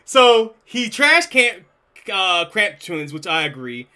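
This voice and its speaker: A male streamer with a very high, bright and piercing voice talks casually to his chat. His pitch jumps around a lot as he jokes and laughs his way through a reaction. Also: sing-song, takes it slowly, smooth.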